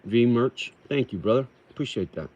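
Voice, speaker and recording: A middle-aged man hosting a casual livestream, reading viewers' comments aloud slowly and answering them in a rough, swearing manner, calling them brother. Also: mid-range voice, lively intonation, darkish tone, lo-fi sound. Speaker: livestream host reading chat.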